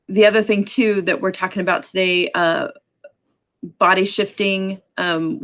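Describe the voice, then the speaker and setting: A woman with a somewhat low voice teaches a relaxed online sign language class. Her explanations are loose, with ums filling the pauses and quick asides tossed in along the way.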